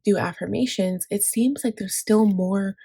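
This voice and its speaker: Tired mom vlogger in her 30s, rambly, lots of ums, husky gravelly voice. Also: medium pitch, a little slow, warm tone. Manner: rambling, with many fillers and restarts. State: tired and low. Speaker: planner vlogger. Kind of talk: casual chat.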